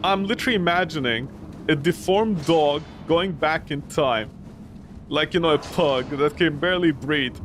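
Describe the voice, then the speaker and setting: A young man with a high-pitched voice chats casually while playing a game, rambling and joking as he goes off on goofy tangents. Loud game audio plays behind his voice. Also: normal speed, noisy background. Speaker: game streamer. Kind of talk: casual gameplay commentary.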